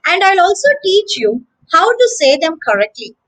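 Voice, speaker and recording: A woman teaching English pronunciation to children, demonstrating words slowly and repeating each one as a drill. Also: extremely high pitch, big pitch swings, a bit bright, poor audio. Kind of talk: slow, deliberate pronunciation lesson for children.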